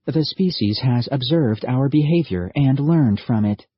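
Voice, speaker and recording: Cold, exact synthetic girl soldier, read by a man; husky, pitched up from his own voice. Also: measured pace, no room sound, dull audio. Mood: clipped, flat. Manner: flat, precise, matter-of-fact.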